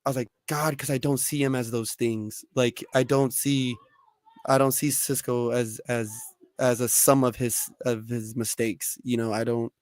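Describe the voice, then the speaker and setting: A man's voice: medium pitch, normal speed, no echo, clean studio sound. A young man co-hosting a podcast in casual chat, telling stories and acting out quoted lines with lots of energy. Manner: animated storyteller who acts out quoted lines. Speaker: podcast co-host.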